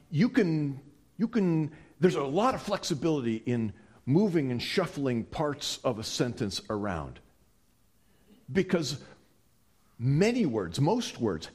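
Male preacher giving a sermon, super lively ups and downs, slow and husky. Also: a little high. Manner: animated and emphatic, with frequent restarts.

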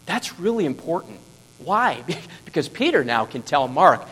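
A man preaching in a big reverberant hall, his voice sitting a touch higher than most men's. He moves from near-whispered asides to forceful, insistent stresses and keeps throwing rhetorical questions at the congregation. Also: sing-song, normal speed, breathy edge. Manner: emphatic, rhetorical questions, swings from hushed to loud. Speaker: pastor. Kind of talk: sermon.

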